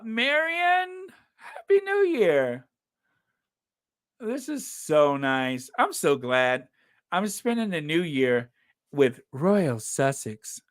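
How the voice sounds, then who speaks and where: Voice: mid-range voice, fairly bright tone, dry recording, clean studio sound. A live-stream host in casual chat, effusive and grateful, laughing often while thanking viewers. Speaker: livestream host reading viewer messages.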